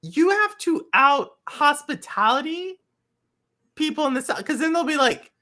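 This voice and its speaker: A woman hosting a casual chat, reacting with expressive exclamations and teasing her guest. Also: high voice, measured pace. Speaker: host.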